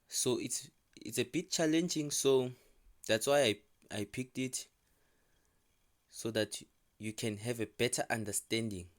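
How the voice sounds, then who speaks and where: A man explaining an accounting question in a patient, step-by-step tutorial voice. He repeats each figure slowly so the listener can follow. His pitch sits in an ordinary middle range. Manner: repetitive, restating figures slowly. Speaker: accounting teacher.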